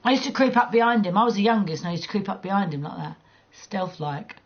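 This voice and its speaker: A woman's voice: mid-range voice, expressive, fast talker, slightly rough, muffled recording. A woman livestreaming a game, chatting casually with viewers in a blunt, teasing way, swearing freely and laughing often. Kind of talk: casual chat while gaming.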